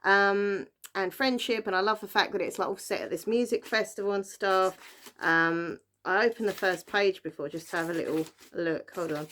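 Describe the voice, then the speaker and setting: A woman's voice: mid-range voice, steady tone, moderate pace, fairly bright tone. Young woman, casual vlog chatter, loose and rambling, everyday mid-range voice. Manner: chatty, rambling, lots of fillers and likes. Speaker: book vlogger. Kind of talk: casual book haul chat.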